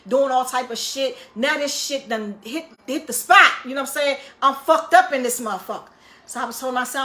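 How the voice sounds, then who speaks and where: Profane, animated storytelling woman. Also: sits high. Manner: profane, animated, acts out quoted dialogue. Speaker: storyteller recounting prison life. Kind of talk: casual storytelling monologue.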